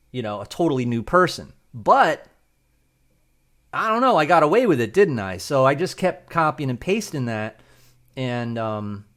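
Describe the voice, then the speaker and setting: This video creator has a slightly high, somewhat bright voice. In casual tutorial talk he rambles through how he wrote his prompts, checking in frequently and ending lines with "right?".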